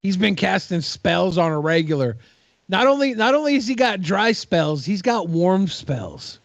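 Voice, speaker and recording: Wry high-voiced male co-host, lo-fi mic. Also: sing-song, measured pace, no echo. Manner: wry, joking commentary. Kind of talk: casual chat.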